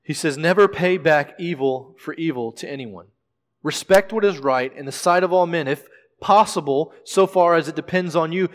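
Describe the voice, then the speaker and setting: A male pastor preaching a sermon in a measured way, often repeating words as he explains scripture. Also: on the high side. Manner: measured preaching with frequent word repetitions. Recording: long reverb of a large hall.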